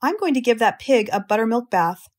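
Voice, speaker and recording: A woman's voice: fairly high pitch, animated, fairly quick. A woman doing a bossy farm wife. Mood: firm. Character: bossy farm wife, middle-aged, determined.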